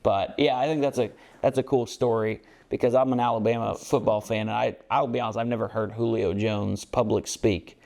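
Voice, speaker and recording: A man's voice: on the low side, steady tone, a little fast, creaky, hardly any pauses, a little mellow. A basketball coach co-hosting a podcast, a man talking earnestly about team culture in a rambling, casual way with many fillers. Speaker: basketball coach and show co-host.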